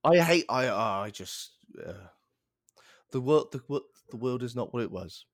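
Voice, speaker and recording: A man's voice: mid-range voice, lively intonation, measured pace, no room sound, clean studio sound. A man co-hosting a casual podcast chat, ranting in an exasperated way and swearing freely. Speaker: podcast co-host.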